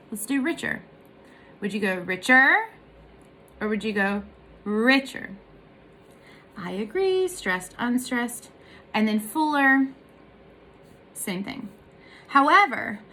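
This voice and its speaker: A woman's voice: fairly high pitch, sharp tone. A woman giving a casual music lesson, explaining in a chatty way and singing short examples. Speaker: voice teacher.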